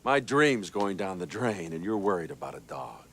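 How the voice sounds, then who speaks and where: A worn-out family father, speaking in a very low, weary, dry voice. The pitch rises and falls as he talks. Background noise runs under this movie soundtrack. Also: big pitch swings, normal speed, fairly bright tone, exaggerated voice. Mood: frustrated. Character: stressed middle-aged overworked family dad.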